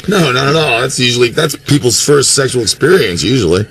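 A man with a gravelly, lively voice co-hosting a call-in radio show, handing out loud, emphatic verdicts and sometimes shouting. Faint background hiss sits under the voice. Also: mid-range voice, brisk.

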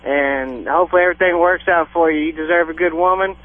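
A man's voice: fairly high pitch, fast, phone-quality sound. A man calling in to a radio show, friendly and encouraging toward the host. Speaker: caller.

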